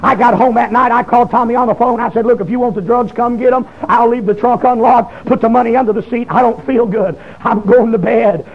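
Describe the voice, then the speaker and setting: A man, preaching a testimony sermon in a folksy storytelling way that breaks into shouting. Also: extremely high pitch, fast talker, slight background noise. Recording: dull lo-fi recording.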